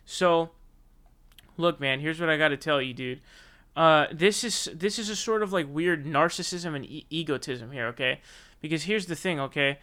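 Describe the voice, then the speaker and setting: A man's voice: a little high, normal speed, bright, forceful tone. A young man hosting political commentary, ranting bluntly and profanely in slangy talk aimed straight at his target.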